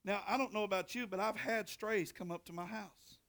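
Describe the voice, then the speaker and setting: In a church sanctuary, a middle-aged pastor preaches in a folksy storytelling style, drawing scripture readings out slowly and bursting into loud hollers. His voice sits high and is creaky.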